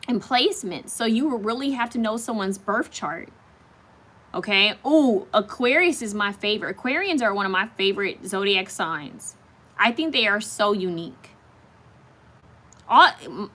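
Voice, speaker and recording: A woman's voice: fairly high pitch, sharp tone. A woman hosting a casual live stream, chatting straight to her viewers and reacting to their comments as they come in.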